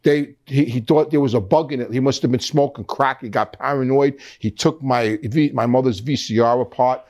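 A man in his sixties, a guest in an interview, rambles through a story with many restarts and acts out quoted voices. His mid-range voice is slightly mellow, at a moderate pace.

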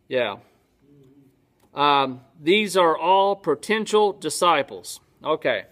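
A man's voice: fairly high pitch, animated, takes it slowly, fairly bright tone. A male pastor teaching a sermon in a church, conversational, often asking his congregation questions and answering them himself.

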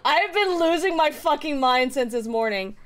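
Woman streamer losing it laughing, high bright voice, swears a lot, talks in bursts. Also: lively intonation, normal speed. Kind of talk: excited casual stream chat.

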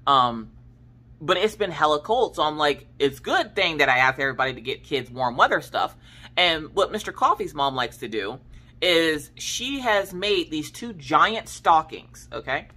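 Speaking at an ordinary pace in a deep voice, this thirtysomething craft channel host spins family stories in casual conversation. Her delivery is lively and full of slang, and she performs her family members' dialogue herself.

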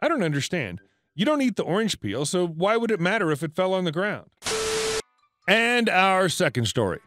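A man reading a written story aloud as a narrator, with even, read-aloud delivery. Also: sits high, normal speed. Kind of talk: scripted narration. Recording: dry close voice with faint music.

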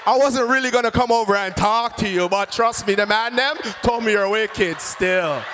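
Man doing a cocky street flirt, slangy, loud, high voice, faint room noise. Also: normal speed, lightly acted. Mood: swaggering. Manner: loud, slangy, pitched-up swagger.

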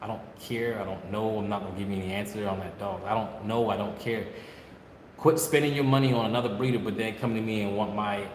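In a casual vlog, a dog breeder with a lowish, steady voice talks fast and bluntly, scolding viewers and repeating himself. He's in an echoey kennel with dogs barking and plenty of background noise.

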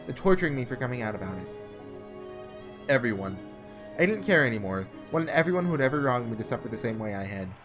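A man voicing a desperate, shouting young man. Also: medium pitch, lightly acted. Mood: bitter. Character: anguished young man, tormented and furious. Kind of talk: reading a visual novel aloud.

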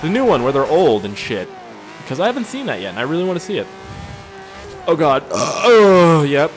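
A man's voice: a little high, sing-song, fairly quick, background noise. Crude joking male gamer. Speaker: gameplay commentator. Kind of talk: casual gameplay commentary. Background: game music and car engines.

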